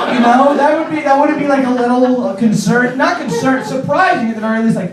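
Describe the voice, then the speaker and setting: A man's voice: extremely high pitch, fairly even intonation, fairly quick, few pauses, a crowd in the background. A man performing a stand-up comedy set on stage, rambling and laughing at his own jokes, with lots of "like". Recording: echoey room from far off.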